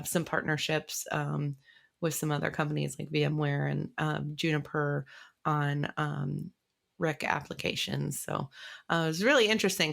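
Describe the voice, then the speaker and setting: A woman reporter in a casual news chat, her voice still husky after illness, chatty with many fillers. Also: low-pitched, a bit bright. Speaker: reporter and podcast co-host.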